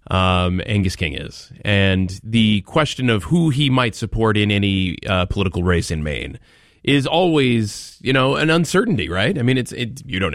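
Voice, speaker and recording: A man's voice: fairly low pitch, big pitch swings, moderate pace, a bit bright, no room sound, clean studio sound. A man hosting a talk radio show, delivering commentary with sarcastic mock outrage and taking calls.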